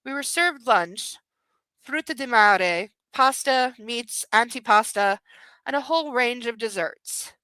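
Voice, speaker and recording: A woman's voice: fairly high pitch, expressive, measured pace, pushed and bright, no room sound, low-quality recording. Sarcastic woman reading a book aloud. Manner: sarcastic, mocking asides. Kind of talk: comedic book reading with commentary.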